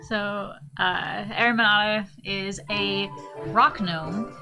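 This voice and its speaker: A woman's voice: mid-range voice, steady tone, slow pace, over music. A tired woman player describing her character at the game table, chatty, with ums and self-corrections.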